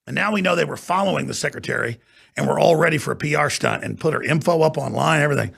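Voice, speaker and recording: A man's voice: on the high side, lively intonation, quick pace, gravelly, a bit bright, breathy edge. A man hosting a talk show, ranting and mocking in an off-air political monologue from a studio.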